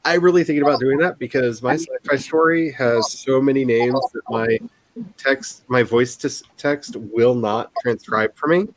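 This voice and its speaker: A man's voice: medium pitch, normal speed, rough recording. A man in his thirties hosting a writing livestream, chatting casually and laughing often at himself. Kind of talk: casual group chat on a live video call.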